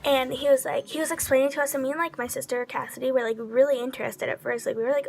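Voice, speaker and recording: A woman vlogger telling a casual, excitable story, full of "like" fillers and slipping into whispers for asides. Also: high-pitched, fast, creaky, hardly any pauses. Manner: chatty, heavy use of 'like' fillers.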